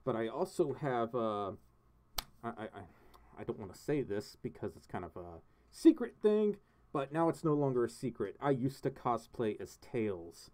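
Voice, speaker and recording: A man's voice: mid-range voice, sing-song, moderate pace, a little mellow. A man hosting a casual livestream, chatting with viewers, thanking donors and laughing often. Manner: chatty, giggly, reading donations and chat aloud. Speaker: livestream host. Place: home studio.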